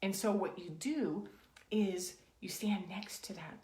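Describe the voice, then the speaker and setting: A woman in her sixties speaks in a mid-range voice, earnest and reflective, sharing self-help guidance. She sinks to a soft hush when she guides gently. The room around her rings with noticeable echo. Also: mid-range voice, takes it slowly. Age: late 50s to 60s. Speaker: spiritual coach and video host. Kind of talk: casual reflective talk to camera.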